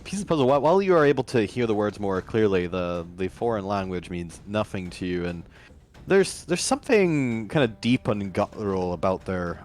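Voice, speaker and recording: Low-pitched male game master, rambling narrator. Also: a little mellow. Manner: rambling, many fillers and restarts.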